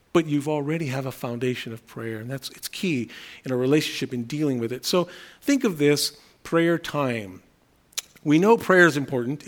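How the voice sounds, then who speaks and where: A middle-aged man giving a conversational sermon as a pastor, telling humorous everyday stories with restarts. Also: a little high.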